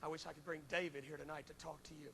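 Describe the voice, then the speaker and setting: A man preaching a revival sermon, swinging between impassioned shouting and hushed pleading. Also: a little high, flat delivery, racing, gravelly, in a large hall, a little hiss or hum. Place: large church auditorium.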